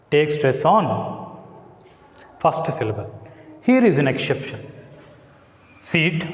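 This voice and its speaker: A man with an Indian English accent teaching a lesson on English word stress, slowly repeating words and rules and checking that students follow. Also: on the high side, a little mellow. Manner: slow, repeats words and rules, asks "got it?". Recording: echoey room, long reverb.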